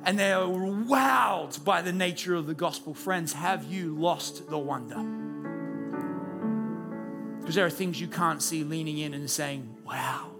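A man's voice: fairly high pitch, unhurried, vocal fry, music in the background. A man preaching a conversational sermon at a church service. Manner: conversational, rhetorical questions. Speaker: pastor.

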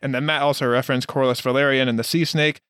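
A man's voice: mid-range voice, steady tone, fast talker, fairly bright tone, clear, resonant tone, dry recording. Dry-mic man explaining wryly. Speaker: podcast co-host. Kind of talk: casual fan discussion.

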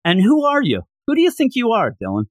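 Give me a loud, mocking alien symbiote voice, as a man puts it on. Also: very high voice, huge pitch swings, fast talker, dry recording, studio quality, pitched above the performer's own voice, exaggerated voice.

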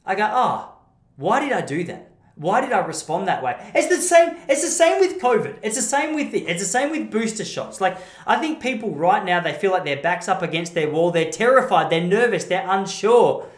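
A man's voice: high voice, sing-song, moderate pace. An Australian man giving a blunt, rambling, opinionated monologue and often correcting himself. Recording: roomy echo.

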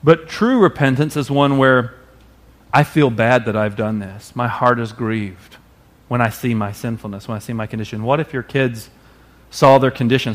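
A man delivers a sermon to his congregation in an expressive, conversational preaching style. His voice sits at an average pitch for a man. He now and then acts out the people he quotes. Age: adult parent. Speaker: pastor.

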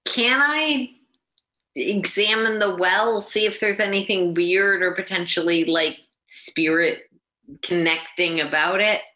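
A woman's voice: medium pitch, takes it slowly, sharp tone. A woman playing a tabletop game, casual and wry in her talk. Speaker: player.

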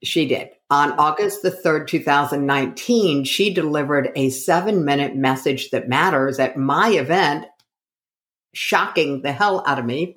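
A woman's voice: low voice, fairly bright tone. A middle-aged woman from the United States, a coach being interviewed, who tells her story with energy and acts out the dialogue she quotes. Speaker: guest, coach.

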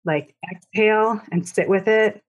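Woman, mid-range pitch, frank, animated, casual podcast guest. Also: unhurried. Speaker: guest, startup founder.

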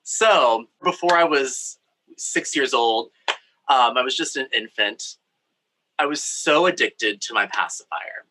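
Bright-voiced man telling a campy story. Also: medium pitch, lively intonation, slow pace, low-quality recording. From Brazil. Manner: campy, candid, playful. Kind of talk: personal storytelling. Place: home craft studio in a shed.

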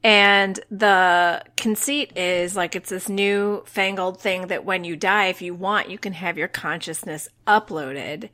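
A woman co-hosting a podcast, chatting casually and tossing in quick asides. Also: fairly low pitch, fairly even intonation, bright, forceful tone. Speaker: podcast co-host. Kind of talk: casual chat.

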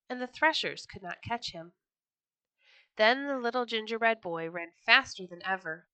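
A woman reads a storybook aloud with a bright, ringing voice and lively expression. The sound is close and dry, with no room around it. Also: medium pitch, normal speed, no echo, dull audio. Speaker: storyteller, podcast host.

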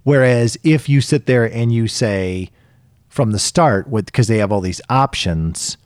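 A man's voice: medium pitch, a little slow, darkish tone, no echo, clean studio sound. A tennis coach in a casual discussion, a man who explains his ideas at length with worked examples.

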